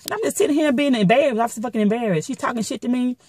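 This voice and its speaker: A middle-aged woman vlogger telling a story to her viewers in a blunt, profane and animated casual way. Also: on the high side, racing, no room sound.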